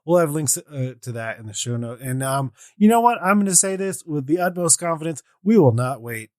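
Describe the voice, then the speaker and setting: A man's voice: on the high side, animated, brisk, no room sound, studio quality. A man hosting a tabletop gaming podcast, talking casually and joking, with plenty of fillers and restarts. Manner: chatty, jokey, with frequent fillers and restarts. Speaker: podcast host. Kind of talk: casual podcast chat and outro.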